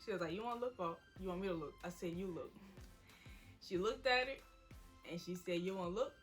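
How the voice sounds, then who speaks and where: A woman's voice: fairly low pitch, brisk, faint music behind. A woman, casually telling an emotional personal story to the camera. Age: 20s. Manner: casual, quoting people in her story. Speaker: vlogger.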